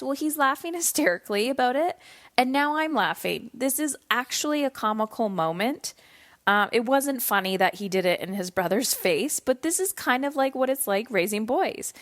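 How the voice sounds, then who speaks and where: Woman host, thirties, solo motivational podcast, blunt and profane, acts out quotes, slightly high voice. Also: expressive, moderate pace. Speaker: podcast host and coach for mothers.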